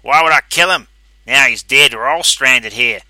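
A man voicing an irritable, indignant middle-aged man who shouts his complaints. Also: medium pitch, a little fast, dry recording, voice pushed up, poor audio. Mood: exasperated. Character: irritable middle-aged man among look-alike doubles.

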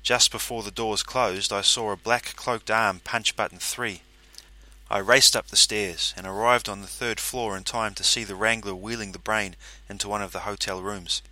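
A man's voice: lowish voice, fairly even intonation, moderate pace, sharp tone, dry recording. A man reading a first-person story aloud, in a dry, matter-of-fact narrating manner.

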